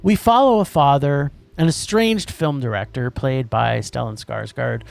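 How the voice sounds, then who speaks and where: A man co-hosting a podcast, chatting casually about films, animated and tripping over his words. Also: mid-range voice, vocal fry. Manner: animated, quick, trips over words, restarts. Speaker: podcast co-host. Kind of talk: casual movie review chat.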